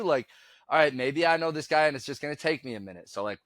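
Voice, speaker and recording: A middle-aged man tells a casual podcast story, rambling along and playing both sides of the exchange. His pitch sits in the middle range for a man. The sound is close and dry, with no room echo. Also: expressive, fast talker, fairly bright tone. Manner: rambling storyteller who acts out both sides of a conversation and laughs while telling. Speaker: podcast co-host.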